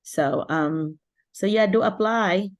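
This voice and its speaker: A middle-aged Filipino woman hosts an online support session, giving casual advice by video call with lots of restarts and fillers. She speaks slowly in a medium pitch, and a crowd can be heard behind her.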